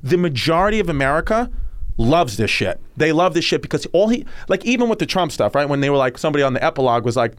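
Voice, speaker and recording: A man's voice: on the high side, very animated, fast, dry recording. A man hosting a podcast who chats casually and enthusiastically, rambling through many restarts. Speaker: podcast host.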